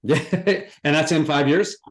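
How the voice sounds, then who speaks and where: A man's voice: on the high side, unhurried. A man hosting an interview, asking long rambling questions with frequent restarts. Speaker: host.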